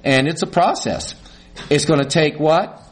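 A man's voice: a little high, measured pace. A middle-aged male pastor gives a conversational sermon, asks the congregation questions and acts out small quarrels.

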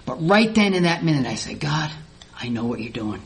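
A middle-aged woman gives a church testimony as an animated storyteller, acting out her own past conversations. Her voice rings with a roomy echo over a faint hiss of background noise. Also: low voice, a little fast, creaky. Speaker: church speaker giving a testimony. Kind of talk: personal testimony.

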